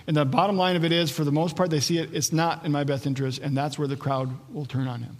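A man's voice: on the high side, little pitch movement, fast, hardly any pauses, in a large hall. A man preaching a sermon as pastor, reading scripture aloud and explaining it verse by verse. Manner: expository preaching, acts out quoted voices.

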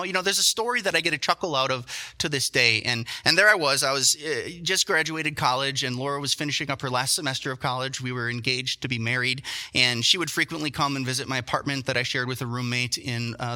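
A young man preaching a sermon, telling stories with animated, self-deprecating asides. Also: medium pitch. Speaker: pastor.

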